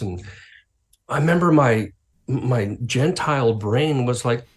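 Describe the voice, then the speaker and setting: Lively man telling stories. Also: medium pitch, normal speed. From Canada. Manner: lively anecdotes, acts out quoted voices. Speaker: pastor and author, guest. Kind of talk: interview storytelling.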